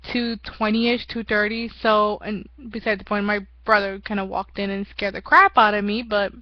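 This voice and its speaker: A woman's voice: mid-range voice, no room sound, lo-fi sound. A young woman giving a rambling, self-mocking casual vlog update, often laughing at herself. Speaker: vlogger.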